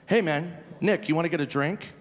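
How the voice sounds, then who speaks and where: A man voicing his comedian friend, a laid-back guy with a flat, understated delivery. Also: a little high, a little fast, pitched above the performer's own voice, natural voice. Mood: deadpan. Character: laid-back male comedian buddy, deadpan. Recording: reverberant live venue.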